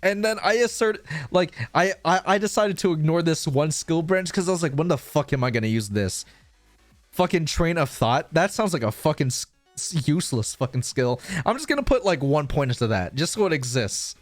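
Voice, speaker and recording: A man's voice: on the high side, animated, fairly quick, no room sound, soft background music. A young man streaming live, rambling through a profane, self-mocking story and losing his train of thought.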